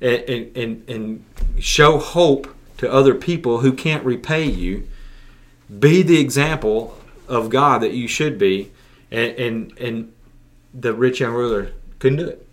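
A man hosting a casual sermon podcast for young listeners, folksy and prone to repeating words as he restarts. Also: medium pitch. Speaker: youth pastor podcast host.

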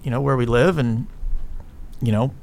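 A man hosting a podcast in a casual, ranting style, frank and profane as he tells animated stories. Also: medium pitch, normal speed, gravelly. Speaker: podcast host.

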